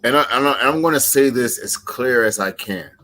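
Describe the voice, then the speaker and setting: Forceful man cutting a wrestling promo. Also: mid-range voice, expressive. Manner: measured, emphatic, confrontational.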